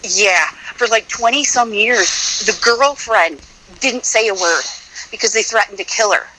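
A woman's voice: fairly high pitch, unhurried, background noise. A woman from Illinois calling in to a casual chat and telling a story in a rambling, meandering way. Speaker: caller.

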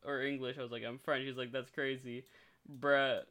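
A man's voice: medium pitch, little pitch movement, moderate pace, sharp tone. A teenage man casually telling a rambling story as a podcast co-host, swearing freely and laughing often.

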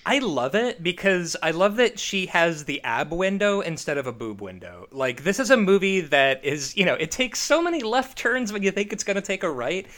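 A man co-hosting a podcast, reviewing a film in casual, profane, animated chat with frequent laughter. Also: high-pitched, moderate pace, few pauses. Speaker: podcast co-host.

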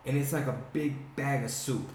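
A man chatting casually and telling stories, swearing often and animated. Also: mid-range voice, normal speed, soft background music. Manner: profane, animated storyteller. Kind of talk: casual chat. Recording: echoey room.

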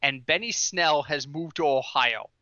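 A man chats on a casual podcast with a very bright, slightly high voice, telling stories with animation and stifled laughter. The sound is dry and a little dull, as if through a modest mic. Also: measured pace, no room sound. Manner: animated storytelling, laughing through his lines. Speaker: podcast co-host.

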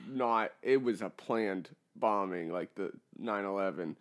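A man co-hosting a casual chat, chiming in with quick reactions and jokes. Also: fairly low pitch. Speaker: podcast co-host.

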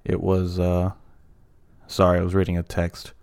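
A man's voice: low-pitched, monotone, moderate pace, creaky, darkish tone, smooth. A man hosting a casual solo podcast, rambling and swearing freely with lots of fillers. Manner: profane, rambling, frequent fillers. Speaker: podcast host.

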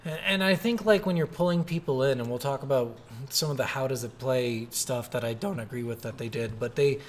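A man's voice: medium pitch, fairly quick. A man co-hosting a casual gaming podcast, opinionated and swearing freely. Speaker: podcast co-host. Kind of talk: casual chat.

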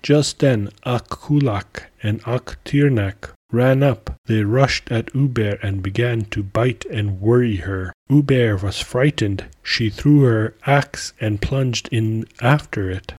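Slow, measured male storyteller. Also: lowish voice, darkish tone, slightly rough. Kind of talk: folktale narration.

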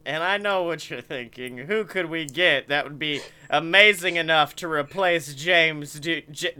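A bright, crisp-voiced man chatting on a podcast, excitable and loose with profanity. His voice sits fairly high and clear. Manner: excitable, swears often, laughs a lot. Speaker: podcast co-host. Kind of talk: casual chat.

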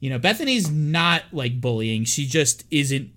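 A man co-hosting a horror podcast, recapping a movie in casual chat, animated and swearing a lot as he acts out the characters. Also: a little high, measured pace. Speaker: podcast co-host.

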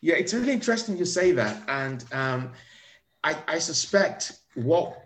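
A man, a comedian, talking about his stage character in a relaxed interview, often restarting his sentences. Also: a little high, a little hiss or hum. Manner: halting, repeats words, laughs often. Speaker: comedian guest. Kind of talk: conversational interview.

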